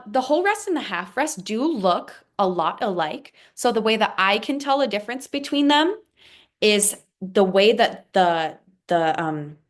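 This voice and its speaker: A woman teaching a music lesson, patiently explaining rhythms and counting them out aloud. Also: mid-range voice.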